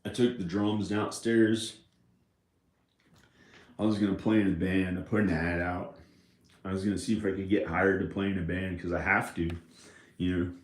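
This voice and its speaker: A man vlogs from inside his house in a rambling, casual monologue, drifting off mid-thought and starting over. His voice is low-pitched, with fairly even intonation, normal speed, and long pauses. The house gives the recording a roomy echo.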